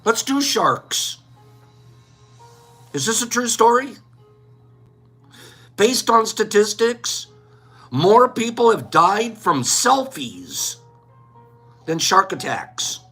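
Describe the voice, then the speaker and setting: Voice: medium pitch, big pitch swings, extremely slow, pauses often, bright, forceful tone, breathy edge, soft background music. A livestream host in casual chat, playful and teasing, calling out chatters by name.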